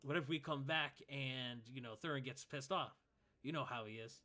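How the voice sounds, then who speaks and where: A man's voice: medium pitch, moderate pace, sharp tone, lightly acted. A man voicing a nervous male elf guard who rambles hesitantly, full of doubt. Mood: worried.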